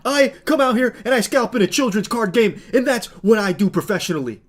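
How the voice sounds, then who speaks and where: A man's voice: sits high, animated, a little fast, pitched above the performer's own voice. A man doing a mocking impression of a self-pitying, indignant male streamer who sells cards. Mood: mocking rant.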